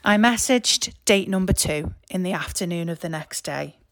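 A woman's voice: fairly low pitch, normal speed, no room sound, clean studio sound. Wry Liverpool woman reading her memoir. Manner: wry, self-mocking, expressive. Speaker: author and narrator. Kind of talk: memoir storytelling, read aloud.

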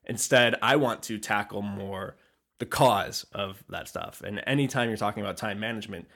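A man's voice: fairly low pitch, moderate pace, pushed and bright. A man co-hosting a podcast, chatting casually with dry teasing humor and explaining his work at length. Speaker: podcast co-host. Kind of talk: casual chat.

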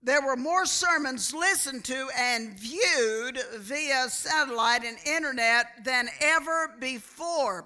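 A woman preaching a sermon in a slow, deliberate way, often calling for an amen from the listeners. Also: high-pitched, bright, forceful tone. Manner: slow, deliberate delivery, calls for amens. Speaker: church speaker.

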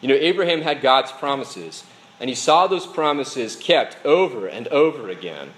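A man's voice: medium pitch, expressive, moderate pace, low-quality recording. A man preaching a sermon, speaking earnestly to his congregation. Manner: earnest preaching, reads a dialogue aloud with voices. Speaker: pastor.

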